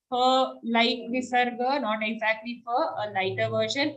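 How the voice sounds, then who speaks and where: A woman's voice: on the high side, fairly even intonation, moderate pace, fairly bright tone, rough recording. A woman teaching verse recitation in an online class, patiently repeating syllables and alternating chanting with short explanations.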